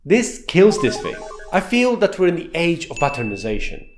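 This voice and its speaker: A man in his thirties delivers a sarcastic commentary monologue full of mocking rhetorical questions. His voice sits high and swings widely in pitch. He sounds like he is in an echoey room, with music playing softly behind him. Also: big pitch swings, normal speed. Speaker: commentary YouTuber.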